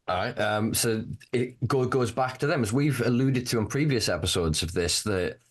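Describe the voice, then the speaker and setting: A man with a Northern English accent, from Northern England, chats casually as a podcast correspondent, ranting with passion and profanity. His voice is on the low side, and he talks at normal speed.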